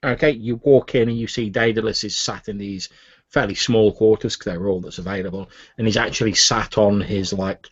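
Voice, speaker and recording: A man narrating a tabletop game as game master, relaxed and a little hesitant. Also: fairly low pitch, husky, no echo, muffled recording.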